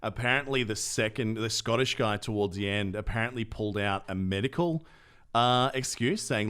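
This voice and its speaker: A man with a lowish voice tells a story on a podcast. He talks in a relaxed, chatty way and keeps jumping into the voices of the people he met. It is an easygoing co-host chat. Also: moderate pace, clear, resonant tone. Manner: animated storyteller who acts out other people's lines.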